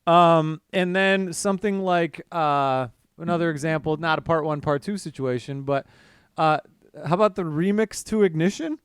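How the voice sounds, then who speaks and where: A man's voice: fairly high pitch, moderate pace, smooth, no room sound. A man co-hosting a casual music podcast, rambling along with fillers. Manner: rambling, many fillers and restarts. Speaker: podcast co-host.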